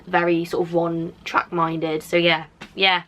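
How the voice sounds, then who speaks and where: A young woman in her late teens from the Black Country in England, with a Black Country accent, reads out and answers viewer comments on her vlog, rambling casually with lots of fillers. Her voice is fairly low and fairly bright, level in tone and unhurried. The audio is poor.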